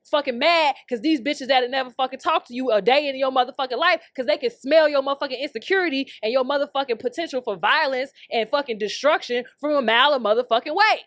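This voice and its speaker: Brash and heated, a young adult woman rants comedically on her podcast, cursing nonstop and laughing a lot. Her voice sits high with a fairly bright tone, captured in studio quality without any room sound.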